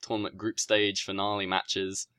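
A man with a low-pitched voice and a Southern US accent talks in a relaxed, conversational way. He gives firm opinions as a co-host and laughs easily along the way. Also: moderate pace, a little hiss or hum. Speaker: podcast co-host. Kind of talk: casual wrestling review chat.

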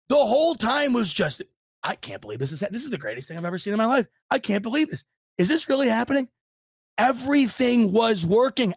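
A man hosting a sports podcast, recapping a game as an excited fan with lots of stammered restarts. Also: sits high, no echo. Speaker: podcast host.

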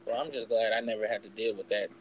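A man's voice: fairly low pitch, fairly even intonation, fast talker, a little hiss or hum, rough recording. Candid young man telling a story. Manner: candid, swears freely, acts out quoted voices. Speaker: podcast host. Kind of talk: casual storytelling chat.

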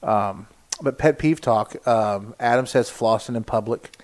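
A man's voice: mid-range voice, a little mellow. A man co-hosting a podcast in casual chat, reading out listener comments and laughing easily. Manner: chatty, quick to laugh.

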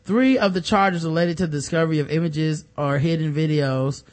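A man's voice: on the high side, a little fast. Sarcastic man hosting a podcast. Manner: sarcastic, deadpan joking. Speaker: podcast co-host. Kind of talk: casual comedic news commentary.

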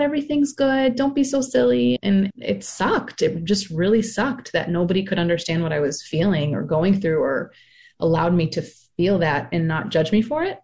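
A woman in her thirties, a podcast guest speaking frankly about motherhood, animated when she quotes other people. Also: fairly low pitch. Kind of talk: candid personal storytelling.

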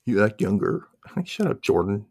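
A man's voice: fairly low pitch, normal speed, breathy edge, dry recording, clean studio sound. A man co-hosting a podcast, recapping a TV episode in casual chat, joking and quoting characters in put-on voices. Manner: animated, jokey, quotes characters in voices, laughs often. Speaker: podcast co-host.

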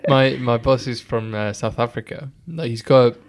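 A man's voice: mid-range voice, moderate pace. A man hosting a podcast, chatting playfully with lots of fillers. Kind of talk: casual chat.

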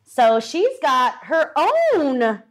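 Woman, high voice, podcast co-host, animated storytelling, acts out quotes. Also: very slow. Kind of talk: casual storytelling chat. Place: studio with audience.

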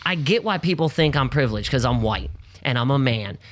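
A man's voice: mid-range voice, animated, fairly quick, a bit bright. A man co-hosting a casual podcast, agreeable and self-deprecating in how he talks. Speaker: podcast co-host.

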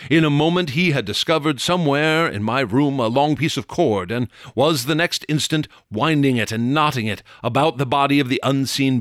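A man narrating a classic horror tale in a measured, dramatic way, dropping low and slowing down for suspense. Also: a bit bright, no room sound, studio quality. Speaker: audiobook narrator. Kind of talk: dramatic horror story reading.

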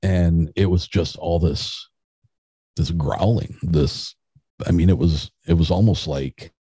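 Low husky-voiced middle-aged man. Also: fairly even intonation, takes it slowly, dark tone, no room sound. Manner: rambling, with restarts and chuckles. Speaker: podcast guest. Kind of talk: casual storytelling.

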